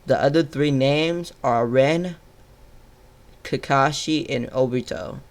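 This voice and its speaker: A man tells an improvised fan-fiction tale, drawn out at an unhurried pace. He stumbles and corrects himself mid-sentence, and his pitch stays in an ordinary middle range.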